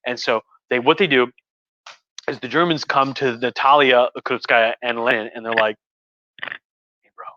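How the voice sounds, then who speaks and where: His mid-range voice holds fairly even intonation at a moderate pace, sounding pushed and bright in a dry recording with dull, muffled audio. A wine-tipsy host, he rambles crudely and profanely through a casual history livestream from home, restarting as he goes.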